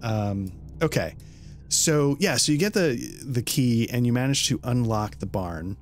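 A man's voice: medium pitch, lively intonation, measured pace, faint music behind. A man narrating as game master of a horror role-playing game, casual and explaining with many fillers.

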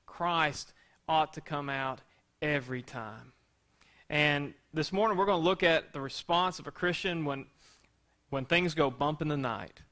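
A pastor delivers a sermon in an easy, conversational way and keeps asking the congregation rhetorical questions. His voice is bright and forceful and sits a little high. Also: measured pace.

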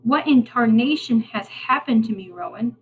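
A woman's voice: fairly high pitch, animated, normal speed, dull audio, a little hiss or hum, natural voice. Woman playing a sneering, bossy boy. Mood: complaining. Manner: sneering, sharp-tongued. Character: rude bossy boy stuck in the ground.

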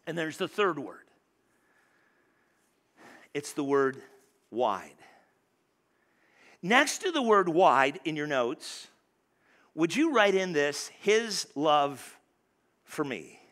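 Animated bright-voiced male pastor preaching. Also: on the high side, very slow, long pauses. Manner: animated, conversational preaching with repeated restarts and sudden soft drops. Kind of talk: sermon. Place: church sanctuary.

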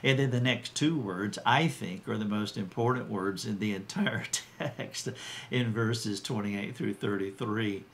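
A man with a fairly low voice teaches from the Bible in a conversational way. He speaks earnestly, stops to restart his sentences, and lifts his voice when he quotes scripture. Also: a little slow, slight background noise.

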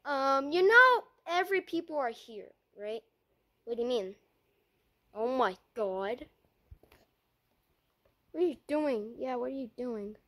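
A woman performs a homemade skit, jumping excitedly between characters. Her high voice swoops up and down, and she takes her time, tripping over restarts as she goes. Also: slow, pauses often. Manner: stammering restarts.

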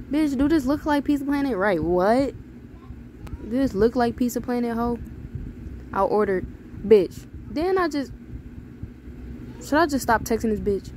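A young woman gamer gives loud, profane commentary as she plays. She fires back at the game's text messages with sass. A little game noise sits faintly behind her voice. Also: medium pitch, low-quality recording. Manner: loud, profane, reacting and reading texts aloud with sass. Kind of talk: casual gameplay commentary.

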